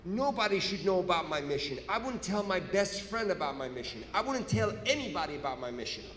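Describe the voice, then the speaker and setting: A man doing a hushed, calm agent. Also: sits high, a little fast, slight background noise. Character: soft-spoken friendly male secret service agent. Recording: echoey hall, live stage.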